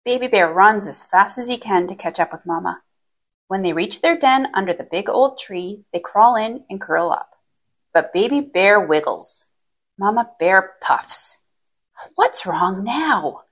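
A woman reading a children's picture book aloud in a gentle, expressive way. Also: mid-range voice, a little slow. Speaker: storyteller. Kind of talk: children's story read-aloud.

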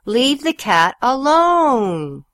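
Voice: mid-range voice, very animated, takes it slowly, fairly bright tone, no echo, clean studio sound, voice pushed up. A woman voicing exasperated adult pet owners who scold their dog sharply in a storybook read-aloud. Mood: stern.

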